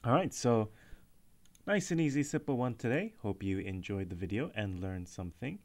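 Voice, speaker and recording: A man teaching a short language lesson, explaining in an upbeat, clear way and repeating example words. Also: on the low side, animated, normal speed, a little mellow.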